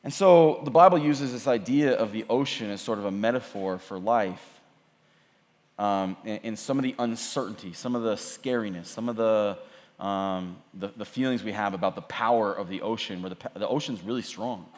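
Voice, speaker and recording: A man in his thirties, a youth pastor, preaching to a youth camp in a casual, animated way, full of "like"s. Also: on the low side, moderate pace, big-room sound. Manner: casual, animated storytelling with many "like"s. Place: large church hall or auditorium.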